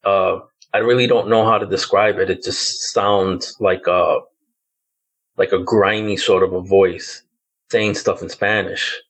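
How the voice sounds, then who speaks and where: A somewhat low-voiced man around fifty, from the Bronx, talks through a haunting memory as a podcast guest. He tells it casually and haltingly, stacking fillers as he feels for the right words. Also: fairly even intonation, gravelly, a bit bright, low-quality recording. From the Bronx, New York. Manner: loose, hesitant storytelling with many fillers like "like" and "um". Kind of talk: telling a personal ghost story.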